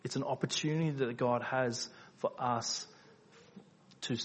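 A man's voice: fairly even intonation, a little slow, breathy edge. Man preaching in a reverberant hall. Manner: rhetorical questions, repeats phrases for emphasis; swings between quiet, low passages and loud, emphatic peaks. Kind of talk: sermon. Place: church hall.

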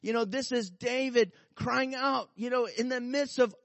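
A man's voice: extremely high pitch, a little slow, no room sound. Male pastor, sermon, fervent, keeps saying come on, dry recording. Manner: fervent, repeats "you know" and "come on". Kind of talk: sermon with personal stories.

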